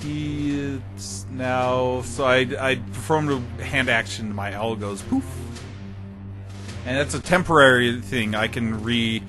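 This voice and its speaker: A man's voice: mid-range voice, slow, music in the background. A man playing in a tabletop game, reasoning things out with a few hesitant restarts. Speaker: player. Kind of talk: tabletop role-play chat.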